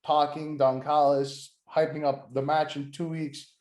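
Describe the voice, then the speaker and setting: Young man, podcast co-host, high-ish voice, echoey room, enthusiastic rambling. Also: level tone, a little slow, a little mellow. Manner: enthusiastic, swears, trails off mid-sentence. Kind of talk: casual wrestling chat. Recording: roomy echo.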